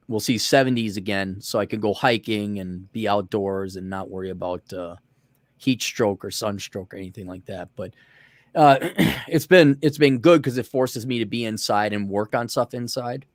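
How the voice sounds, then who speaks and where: A man's voice: lowish voice, no room sound, studio quality. A man co-hosting a casual podcast, telling stories in a profane, ranting way and acting out the people he quotes. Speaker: podcast co-host.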